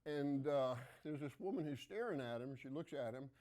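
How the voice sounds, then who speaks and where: Folksy doctor hosting a TV segment. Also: male voice, mid-range voice, animated, normal speed, darkish tone. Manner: plain-spoken, folksy, with frequent "uh" fillers. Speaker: physician hosting a health segment. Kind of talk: conversational health talk to camera.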